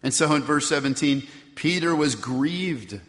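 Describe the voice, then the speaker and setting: A man's voice: a little high, animated, unhurried, fairly bright tone. A middle-aged male pastor preaching a sermon in a conversational way, asking the congregation questions and acting out the quotes he tells. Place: church sanctuary. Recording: long reverb from a large hall.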